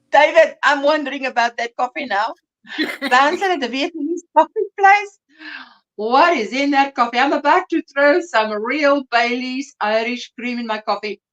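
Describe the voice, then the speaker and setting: A woman's voice: high-pitched, a bit bright. A South African woman hosting a casual livestream chat, chatty and laughing often as she reads viewer comments aloud. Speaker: livestream host.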